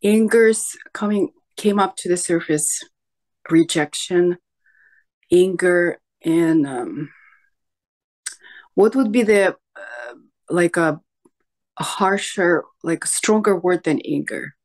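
Female client, hesitant, slow and low-pitched, searching for words. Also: animated, a little mellow. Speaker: session client. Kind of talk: emotional personal sharing.

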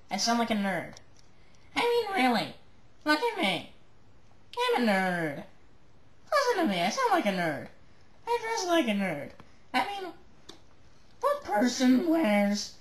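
A woman voicing a nerdy fifty-seven-year-old still in high school, who mocks himself in a squeaky, whiny voice in a homemade comedy sketch. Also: exaggerated voice. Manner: squeaky, whiny self-mockery. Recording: echoey room, faint noise.

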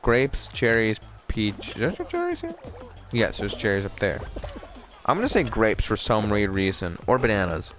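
A man giving casual, jokey commentary over his own gameplay, excitable and playful, mock raging and rhyming nonsense. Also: lowish voice, normal speed, over music.

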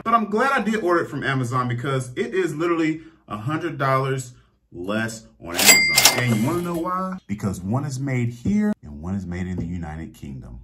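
Animated man ranting through an unboxing vlog. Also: mid-range voice, normal speed. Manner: animated storytelling, loud outbursts of exasperation. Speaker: vlogger. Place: indoor room with green screen.

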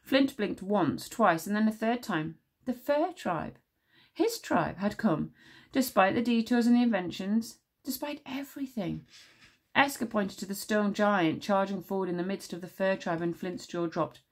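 A woman teacher reading a children's novel aloud with steady, clear storytelling. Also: medium pitch, moderate pace.

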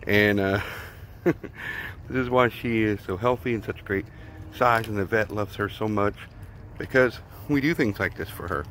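A man's voice: on the low side, normal speed, pauses often, a bit bright, a little hiss or hum. A man casually showing how he feeds his dog at home, rambling with lots of fillers and repeated words. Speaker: dog owner vlogger.

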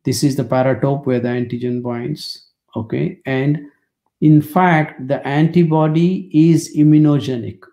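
A man's voice: medium pitch, steady tone, unhurried, warm tone. A man in his sixties from India, speaking, gives a webinar lecture as wry, anecdotal storytelling.

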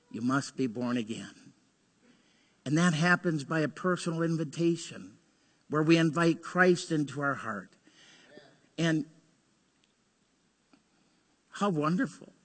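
Bright-voiced pastor in a reverberant hall. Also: male voice, on the high side. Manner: earnest storytelling, swings between urgent and hushed. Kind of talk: sermon. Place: church sanctuary.

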